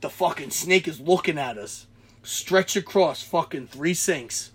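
A young man with a husky voice telling a rowdy story in casual chat, swearing freely and shouting out the quoted lines. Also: a little high, unhurried. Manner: animated, swears a lot, shouts when acting out quotes.

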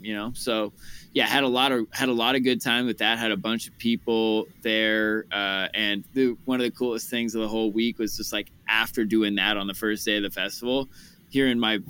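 A young man hosting a podcast, chatting casually about his festival week, with lots of "like" and lively joke-telling. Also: lowish voice, brisk, smooth. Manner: animated joke-telling, says "like" often. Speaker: podcast host. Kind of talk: casual storytelling chat.

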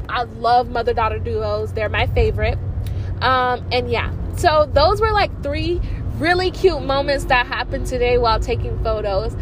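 A young woman vlogging casually, telling excitable stories packed with fillers. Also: fairly high pitch, noisy background. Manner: chatty, filler-heavy, excitable. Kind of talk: casual vlog storytelling.

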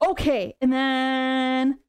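A young woman co-hosting a podcast, chatting excitedly about books with lots of "um" and "like". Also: high voice, very slow, smooth, dry recording. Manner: chatty, excitable, many fillers like "um" and "like". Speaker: podcast co-host. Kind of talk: casual chat about books.

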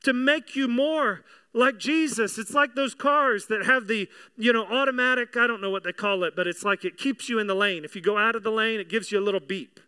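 A man's voice: high voice, fairly quick, hardly any pauses, sharp tone, clean tone. A man preaching a sermon, earnest and conversational, often repeating his words and putting questions to the congregation. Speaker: pastor.

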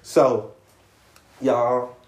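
A man telling a long story in casual podcast chat, profane and animated, slipping into voices for other people. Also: mid-range voice, drawn-out words. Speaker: podcast co-host. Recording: echoey room.

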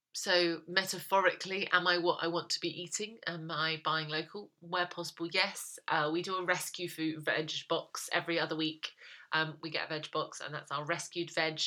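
A woman's voice: sits low, sharp tone. A woman hosting a solo lifestyle podcast, chatting casually and rambling with frequent ums. She sounds tired and keeps yawning. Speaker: lifestyle coach podcast host.

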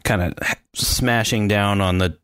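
A man co-hosting a podcast in casual chat, animated and mimicking sounds as he describes scenes. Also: fairly low pitch, unhurried, clean tone, dry recording, clean studio sound. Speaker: podcast co-host.

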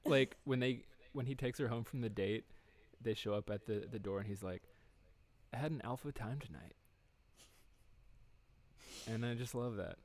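A man co-hosting a podcast in casual chat, relaxed and amused, matter-of-fact in his corrections. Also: mid-range voice, brisk. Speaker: podcast co-host.

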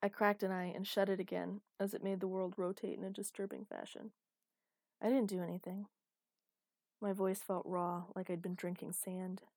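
A woman reading a first-person romance novel aloud, in a steady, intimate storytelling manner. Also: medium pitch, fairly quick, hardly any pauses, no echo. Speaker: narrator.

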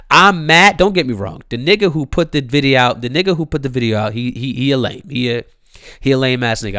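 A man's voice: mid-range voice, a bit bright, dry recording, clean studio sound. A young man from Maryland, hosting his own show, ranting in a casual, slangy, profane way and repeating his phrases. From Columbia, Maryland. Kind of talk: casual solo rant.

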